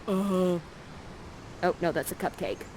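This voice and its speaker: A woman voicing a bashful, dim-witted young man who mumbles hesitantly in a low tone. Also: takes it slowly, a little mellow, slight background noise, low-quality recording. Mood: sheepish.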